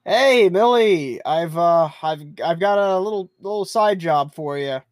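A player in a tabletop game who talks in a halting, stammering, apologetic way. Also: medium pitch, no echo, studio quality. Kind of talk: tabletop role-play.

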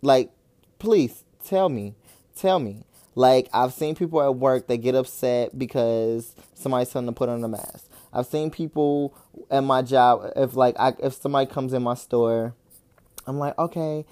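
A young adult podcast host ranting in casual talk, exasperated, swearing often and leaning on "like", with loud incredulous outbursts. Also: medium pitch, moderate pace. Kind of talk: casual solo rant.

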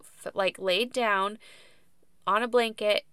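A woman's voice: medium pitch, steady tone, takes it slowly, a bit bright, smooth, dry recording, clean studio sound. A woman in her thirties, a podcast guest, chatting casually about her birth story with plenty of fillers and laughs.

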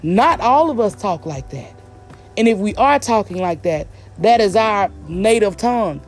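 A woman from the American South speaks straight to her viewers in an emphatic, exasperated vlog rant. She slows her speech down on purpose and puts weight on each word so it lands clearly. Faint music sits under her voice. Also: mid-range voice, lively intonation. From Southern United States. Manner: deliberately slow, clear delivery. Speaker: vlogger. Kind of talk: direct-to-camera commentary rant.

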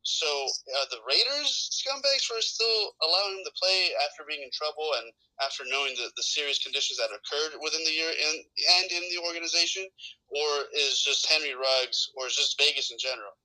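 A man with a very bright, forward voice talks sports on a podcast panel. He tells his stories with animated, salty energy, swearing freely as he rants. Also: a little high, fairly quick, low-quality recording. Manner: animated, profane storytelling. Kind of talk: casual sports talk.

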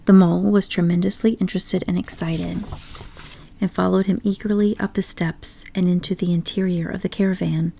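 Woman narrator, mellow, lowish voice, measured expressive storybook reading. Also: gravelly. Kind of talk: audiobook storytelling.

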